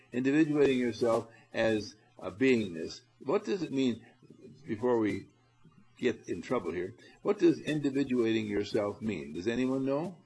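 A man leading a spiritual seminar, coaxing and animated, who addresses his listeners directly and laughs often. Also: mid-range voice, husky, rough recording. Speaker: seminar leader. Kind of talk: spiritual seminar talk to a group.

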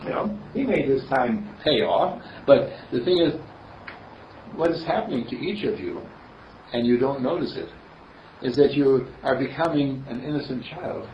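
A male minister gives a meandering spiritual sermon, chuckling as he tells stories, with a lively, rising and falling pitch. He is heard from a distance in a roomy space, and the recording is dull with faint hiss. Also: normal speed. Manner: rambling, chuckling, storytelling.

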